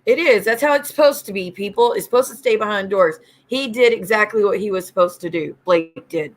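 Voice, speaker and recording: A woman's voice: medium pitch, fairly quick. A woman hosting a casual livestream, greeting viewers by name and ranting bluntly with lots of swearing. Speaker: livestream host.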